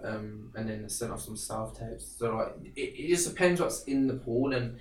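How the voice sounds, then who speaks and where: A man, an actor chatting as a podcast guest in a lively, slangy way, full of "innit" and "you know what I mean". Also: mid-range voice, moderate pace, a little hiss or hum. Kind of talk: casual chat. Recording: roomy, somewhat distant mic.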